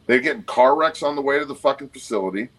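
Husky forty-something guy on a podcast, blunt and sweary, mid-pitched voice. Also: quick pace, fairly bright tone, low-quality recording. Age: 40s. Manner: blunt, profane and emphatic. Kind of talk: casual podcast conversation.

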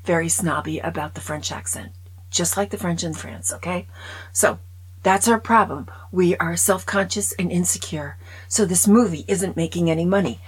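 A woman's voice: on the low side, breathy edge, rough recording. A woman chatting casually in her own video movie review, opinionated and dropping often into whispers.

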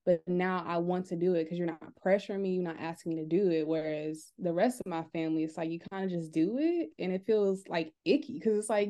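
A young woman co-hosting a casual podcast chat, telling lively stories and acting out her family's voices. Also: lowish voice, brisk, few pauses. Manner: animated storyteller, acts out family voices. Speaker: podcast co-host.

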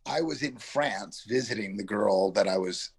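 Deep gravelly man from Yonkers. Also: normal speed. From Yonkers, New York. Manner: rambling, reflective, heavy on fillers. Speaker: guest actor. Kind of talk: casual interview storytelling.

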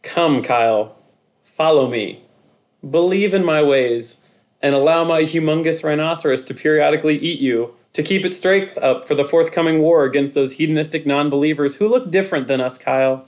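A man's voice: a little high, moderate pace, lightly acted. A man voicing a grandiose male god-leader handing down mock-solemn commandments to his followers. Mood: pompous. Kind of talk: comedic podcast bit.

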